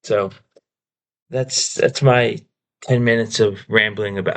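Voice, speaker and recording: Casting: low-voiced man, frustrated film reviewer, ranting and stammering through a casual vlog. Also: fairly even intonation, takes it slowly. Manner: exasperated, ranting, repeats himself, stammers. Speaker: movie reviewer.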